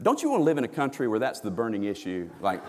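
A man's voice: mid-range voice, wildly swooping pitch, quick pace. Man preaching in a reverberant hall. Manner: dramatic swings from hushed to emphatic. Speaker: pastor. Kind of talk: sermon. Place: church sanctuary. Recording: long reverb of a church hall.

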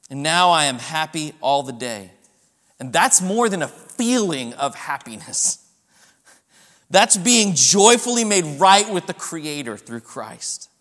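A man preaching a sermon in a church, his voice sitting high. He presses his points with strong, rising emphasis. A long reverb trails each phrase. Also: fairly bright tone. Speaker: pastor.

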